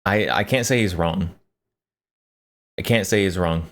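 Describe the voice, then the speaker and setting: Male streamer, low voice, slow easy pace, jokey reaction chat. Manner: joking, laughs often, talks to chat. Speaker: livestreamer.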